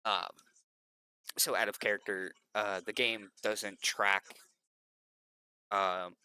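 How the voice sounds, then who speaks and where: Bright-voiced man running the game. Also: fairly low pitch, flat delivery, slow pace, clear, resonant tone. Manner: hesitant, many filler ums. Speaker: game master. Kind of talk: narrating a tabletop game.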